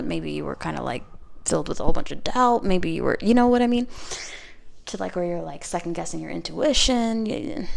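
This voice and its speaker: A woman's voice: lowish voice, vocal fry, a little mellow. A young woman giving a casual tarot reading to camera, chatty and full of "like" and "okay?". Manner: chatty, heavy use of "like" and "okay?". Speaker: tarot reader.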